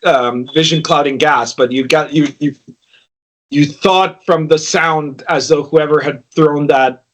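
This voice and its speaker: A man's voice: fairly high pitch, steady tone, unhurried, poor audio. A man running a tabletop game as game master, chatty and often laughing. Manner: laughing often, restarts sentences.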